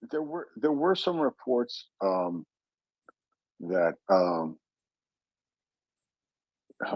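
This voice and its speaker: Joking chatty guy with a lowish voice, stops and restarts a lot, dry close sound. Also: a little mellow, no echo, poor audio. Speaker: panel regular asking questions. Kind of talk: casual online discussion.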